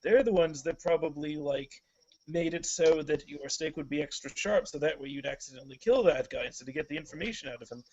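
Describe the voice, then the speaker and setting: A man's voice: a little high, a little fast, darkish tone. A man playing in a tabletop game, rambling with many fillers in a conspiratorial way. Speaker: player. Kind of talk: casual play talk. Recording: dull lo-fi recording.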